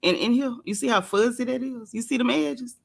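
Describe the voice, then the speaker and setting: A woman talks casually to her live-stream viewers from home, close to the camera. Her voice sits a little high, and she calls out each viewer by name in a playful, chatty way. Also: fairly quick, gravelly, husky. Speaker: livestream host.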